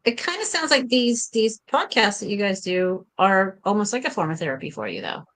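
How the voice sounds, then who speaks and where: A woman in a casual podcast chat asks questions in a friendly, slightly apologetic way. Her voice is mid-pitched and relaxed in conversation. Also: a little fast. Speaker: podcast guest.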